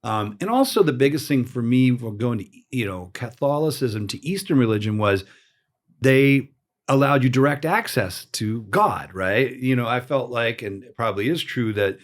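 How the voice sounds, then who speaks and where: A man hosting a casual interview podcast, telling his own story in a lively, animated way and acting out the voices of people he quotes. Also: mid-range voice, normal speed. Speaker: podcast host.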